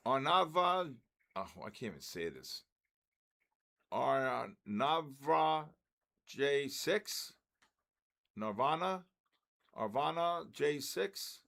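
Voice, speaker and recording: A man's voice: medium pitch, sing-song, extremely slow, vocal fry, pauses often. An older man hosting a live trading stream, reading out usernames and calling them in the style of an auctioneer. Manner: auctioneer-style calls, loud shouts of "next".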